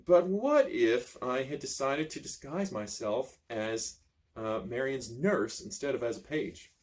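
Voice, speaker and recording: A man reading a choose-your-own-adventure book aloud, with lively storytelling and casual asides. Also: medium pitch, a little slow. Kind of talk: expressive read-aloud narration.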